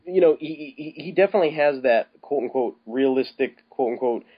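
Man, podcast co-host, casual rambling film chat, mid pitch, muffled lo-fi sound. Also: a little fast, slightly rough. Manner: rambling, with many restarts and casual swearing. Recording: slightly dull, lo-fi podcast audio.

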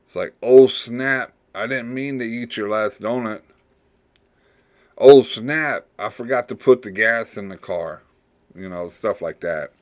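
A male podcast host talks in a slow, slightly low voice. He rambles through a casual monologue with loose, unhurried phrasing. Every so often he breaks into loud, playful put-on slang voices.

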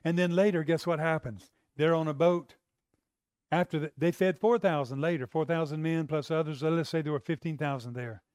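A man preaching a sermon in a conversational way, acting out quotes and building to loud emphasis. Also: fairly high pitch, brisk, smooth, no room sound, studio quality. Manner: conversational, acts out voices, rising to loud emphasis.

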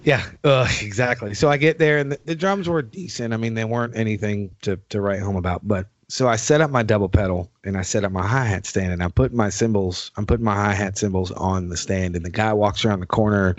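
A man with a low voice chats casually as a podcast host and tells stories in a laid-back, easygoing way. The recording is dry and a touch dull. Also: brisk, hardly any pauses, no echo. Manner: laid-back, swears casually, animated when quoting others. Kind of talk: casual chat, storytelling. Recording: dry, slightly dull sound.

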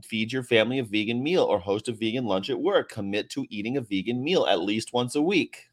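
A vegan activist hosts a casual livestream from a hotel room, reading viewer comments in a sarcastic, joking, rambling way. He speaks a little fast in a mid-range voice.

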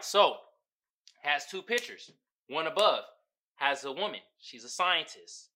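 A man's voice: on the high side, sharp tone. A man hosting a podcast, riffing casually on memes with profane slang and frequent laughter. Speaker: podcast host. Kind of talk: casual comedic commentary on memes.

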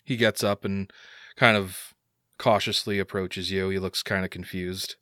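A man's voice: sits low, fairly even intonation, a little slow, pushed and bright, no echo, clean studio sound. A man narrating a tabletop game as game master, in loose, filler-heavy speech.

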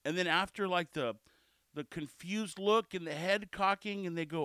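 A man hosting a casual solo podcast, chatty and cheeky, telling stories in an animated way. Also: high voice, normal speed, clean tone, no echo, studio quality. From South Texas. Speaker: podcast host.

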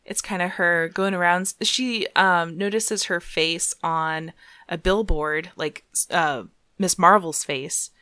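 A young woman chats casually as a podcast host, her voice sitting a little low. She rambles loosely with plenty of fillers and frequent giggles. The sound is close and dry, with no room around it. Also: steady tone, slow, bright, forceful tone, clear, resonant tone, no room sound. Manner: chatty, giggly, many fillers. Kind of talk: casual chat.

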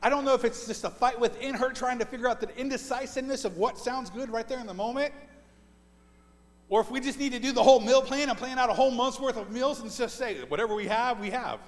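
A man's voice: extremely high pitch, fast talker. A man in his forties preaching a sermon as pastor, earnest and often repeating words as he builds a point. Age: 40s. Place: church sanctuary. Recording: long church reverb.

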